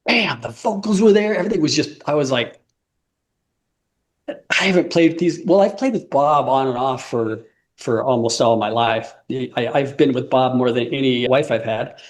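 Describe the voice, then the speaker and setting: A man's voice: mid-range voice, moderate pace. A man in his fifties, a musician guest telling rambling stories in a casual interview, laughing often and acting out quotes.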